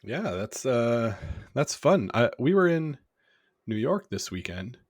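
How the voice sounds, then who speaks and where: A man co-hosting a podcast in casual chat, stuffed up with a cold and speaking in a relaxed, hesitant way. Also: medium pitch, slow, dry recording, clean studio sound. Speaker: podcast co-host.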